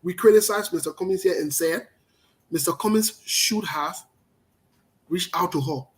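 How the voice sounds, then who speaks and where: A man with a Liberian accent giving emphatic political commentary, talking loudly and repeating his points. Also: high-pitched, a little fast. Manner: forceful, emphatic, repetitive, passionate.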